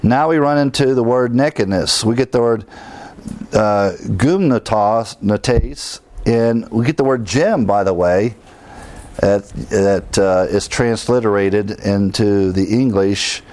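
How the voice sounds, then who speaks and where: A man's voice: lowish voice, slow pace, a little mellow. A middle-aged man pastor preaching a sermon in a conversational teaching style, chuckling now and then and restarting his sentences.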